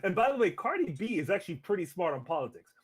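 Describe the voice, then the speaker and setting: A man hosting a podcast in casual chat, relaxed and laughing often, with stammers and restarts. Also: sits high, fast. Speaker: podcast host. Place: Los Angeles.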